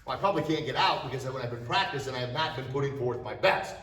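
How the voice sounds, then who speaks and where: A middle-aged man teaching a martial arts class, demonstrating self-defense moves with energy and sharp shouted strike cries. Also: mid-range voice, fast, distant mic, slight background noise. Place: martial arts studio, indoors. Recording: echoey studio, voice from off-mic.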